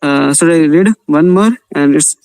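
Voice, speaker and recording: Smooth-voiced learner reading aloud haltingly. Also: male voice, a little high, darkish tone, no echo, low-quality recording. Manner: reads haltingly, with non-native grammar. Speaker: student in an online class. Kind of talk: reading aloud and casual chat.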